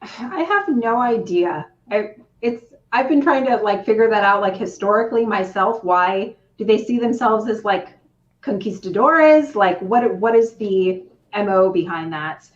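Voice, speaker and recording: A woman's voice: medium pitch, lively intonation, a little slow. A woman co-hosting a live stream, musing in a wry, casual way over a video call. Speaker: co-host. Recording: distant echoey dull call audio.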